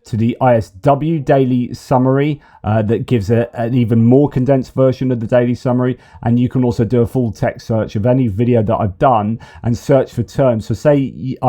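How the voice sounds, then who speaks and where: A man's voice: mid-range voice, warm tone. A man hosting a casual news commentary video, rambling with fillers and restarts and repeating his praise. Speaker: host of a news commentary channel.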